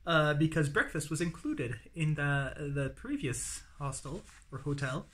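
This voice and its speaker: A man's voice: fairly high pitch, big pitch swings, unhurried, fairly bright tone. A young man telling the story of his day in a casual spoken travel diary, rambling with many fillers and restarts and acting out what people said to him. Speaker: traveler recording a daily diary.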